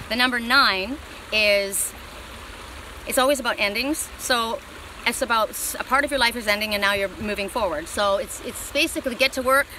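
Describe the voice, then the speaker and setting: A woman's voice: on the high side, noisy background. A middle-aged woman giving a spiritual oracle card reading, talking in a rambling, heartfelt and emotional way.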